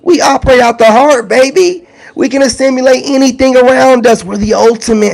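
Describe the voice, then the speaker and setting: A man talking casually and directly to his viewers, animated and teasing, with big swings in his voice. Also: very high voice, a little fast, creaky. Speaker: spiritual content creator. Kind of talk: casual direct-to-camera talk.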